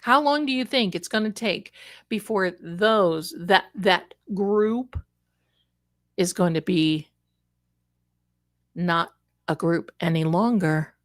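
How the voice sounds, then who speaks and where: A woman hosting a casual livestream, talking in an animated, emphatic way and speaking straight to her viewers from an indoor room. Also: fairly low pitch, slow, pauses often, no room sound, studio quality. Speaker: livestream host.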